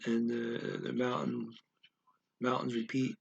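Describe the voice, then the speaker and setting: A man thinking aloud as he explains a language lesson, halting often with fillers and restarts. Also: medium pitch, creaky, highs cut off, slight background noise. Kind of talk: casual spoken language lesson.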